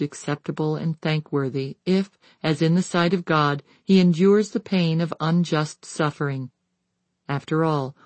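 A devotional book read aloud in a measured, even cadence, with scripture references spoken plainly. The voice sits at a middle pitch and is recorded close and dry, with no room sound around it. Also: no echo. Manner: measured, steady reading, citing scripture verses. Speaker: audiobook reader.

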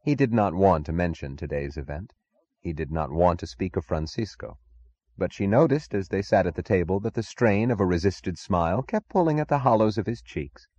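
A man narrating an audiobook in a deliberate, expressive literary reading. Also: deep voice. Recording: dull, dry lo-fi audiobook recording.

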